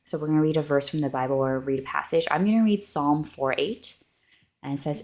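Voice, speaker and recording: In a deep, slightly mellow voice, she talks fairly quickly as co-host of a faith-based podcast. The conversation is casual, and her personal storytelling is sincere and heartfelt, full of "likes."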